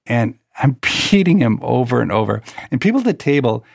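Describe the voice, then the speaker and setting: Gravelly man telling an anecdote. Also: medium pitch, sing-song, brisk, no room sound, studio quality. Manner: wry anecdotal storyteller. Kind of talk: conversational storytelling.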